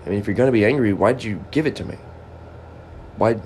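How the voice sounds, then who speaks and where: A man's voice: on the low side, fast, a little mellow, slight background noise. A man and amateur comedian delivering a rambling, improvised monologue, musing aloud in stop-start bursts and scolding things around him.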